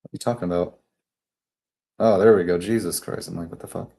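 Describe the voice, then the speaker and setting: A man with a fairly low, mellow voice talks casually to the camera. He rambles and drifts off topic, swearing freely and filling his speech with "like" and "um.". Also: steady tone, fairly quick. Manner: rambling and digressive, profane, with frequent fillers. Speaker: vlogger.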